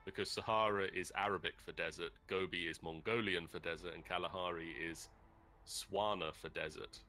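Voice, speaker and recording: A man's voice: sits low, normal speed, faint music behind. A man co-hosting a livestream, chatting casually and retelling a joke while looking things up online. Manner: relaxed, retelling jokes while searching online. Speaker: livestream co-host. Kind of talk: casual chat.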